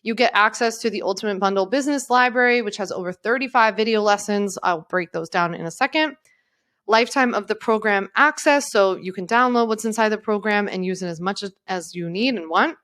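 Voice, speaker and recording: A woman in her thirties, an attorney and coach, giving an upbeat and encouraging sales pitch in a webinar. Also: fairly quick, fairly bright tone.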